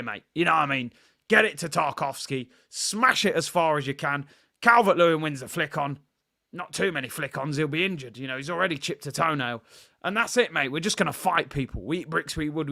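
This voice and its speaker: A man impersonating a blunt, tough-talking football manager, gruff and matter-of-fact, who keeps saying "mate". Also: a little high, animated, brisk, sharp tone, heavily acted.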